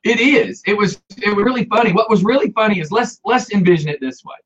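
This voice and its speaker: A man telling a story in casual chat, animated and laughing, acting out the people he quotes. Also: high-pitched, fast talker, breathy edge. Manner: animated, acts out quoted voices, laughs often. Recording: dull lo-fi sound.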